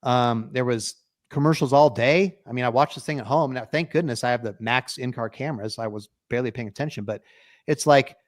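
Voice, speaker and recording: A middle-aged man co-hosting a sports podcast, ranting in an exasperated, animated way. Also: medium pitch, brisk. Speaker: podcast co-host. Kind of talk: heated sports podcast rant.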